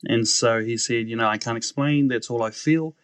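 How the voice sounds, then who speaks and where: A young man, a podcast guest telling his story in a casual, animated way, acting out the voices he quotes and laughing often. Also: medium pitch, normal speed, no room sound.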